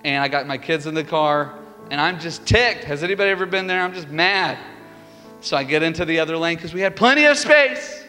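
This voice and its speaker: Animated preacher man in a big hall. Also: fairly high pitch, fairly quick. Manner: animated storytelling, building to fervent peaks. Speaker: pastor. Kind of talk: sermon. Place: church sanctuary. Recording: reverberant hall with music behind.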